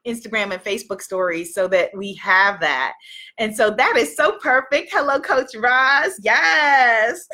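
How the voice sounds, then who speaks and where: Effusive woman host, high and bright, chatty card-reading live stream, calls out viewers by name.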